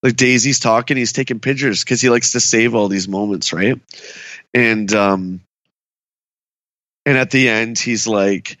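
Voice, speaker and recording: During a casual pop culture podcast chat, a male co-host tells energetic stories, acting out what people said in a raised voice. His mid-range voice keeps a measured pace with long pauses, and the recording is dry.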